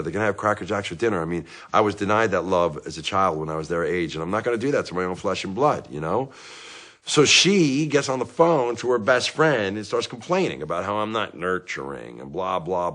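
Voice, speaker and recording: Brief: male actor as a middle-aged divorced dad in therapy. Low, deep voice, rambling comic self-pity with angry flare-ups. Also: a bit bright. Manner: rambling, self-justifying, with bursts of anger. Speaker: therapy patient. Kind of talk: comic monologue.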